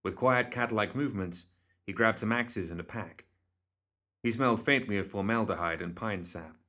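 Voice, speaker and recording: A man reading a story aloud as the narrator, in measured, scripted narration. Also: fairly low pitch, bright, forceful tone. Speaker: reader.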